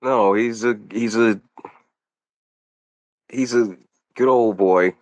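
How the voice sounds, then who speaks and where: A man's voice: lowish voice, takes it slowly, darkish tone, no echo. A man co-hosting a casual movie commentary, laid-back and profane in his banter. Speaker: podcast co-host.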